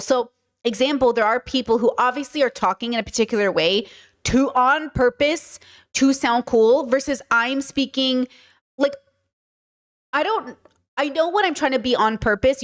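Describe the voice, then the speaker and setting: Chatty woman hosting a livestream. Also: fairly high pitch. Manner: rambling, animated, frequent fillers. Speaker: podcast host. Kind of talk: casual livestream chat.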